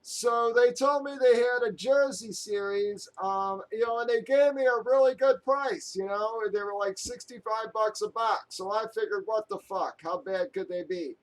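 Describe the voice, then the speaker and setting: A man's voice: high voice, moderate pace, hardly any pauses, low-quality recording. A man hosting a live stream, ranting angrily to his viewers, swearing often and rambling with restarts. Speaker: live stream host breaking sports card boxes.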